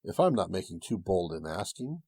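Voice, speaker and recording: A man's voice: low-pitched, big pitch swings, moderate pace, a little mellow, breathy edge, no room sound, exaggerated voice. A man voicing a humble, fretful old woodcutter in a storybook tale, speaking in a rustic, exclaiming way.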